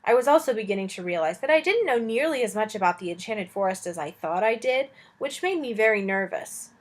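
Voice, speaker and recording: A woman teacher reads a children's novel aloud, stopping now and then to chat with her listeners. Her reading is expressive, and her pitch rises and falls in a lively way. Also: a little fast. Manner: expressive, with chatty asides to listeners.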